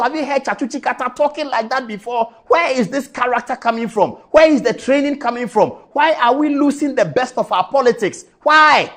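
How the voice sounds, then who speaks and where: A man's voice: very high-pitched, a bit bright. A man from Ghana, hosting a TV show, giving an impassioned political commentary full of rhetorical questions and repeated words. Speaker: TV show host.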